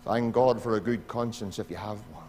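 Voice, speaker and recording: A Northern Irish pastor preaching a sermon in a church, pleading with his congregation and swinging from loud appeals to hushed asides. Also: fairly low pitch, fairly even intonation, brisk, slight background noise. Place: church sanctuary. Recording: church hall reverb.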